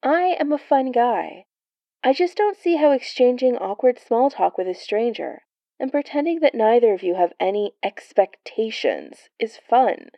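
A woman reading a story, voicing a weary, soft-spoken young man who talks in a tired, quiet, subdued way. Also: a little high, big pitch swings, unhurried, dry recording, lo-fi sound, voice pushed up.

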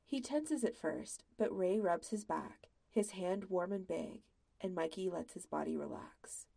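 A woman reading a story aloud in a soft, quiet, intimate way. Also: fairly low pitch, a little slow, creaky. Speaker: podfic reader. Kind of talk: scripted narration of fan fiction.

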